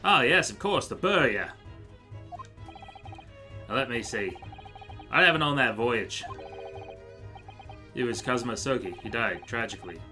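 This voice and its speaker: Guy doing a pompous forgetful gentleman detective, goofy fake aussie accent, loud and grand. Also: medium pitch, expressive, a little slow, pauses often, over music, close to an everyday voice. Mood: jovial. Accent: put-on Australian. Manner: theatrical, grandiose reading of game lines. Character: pompous male gentleman detective, absent-minded and boastful.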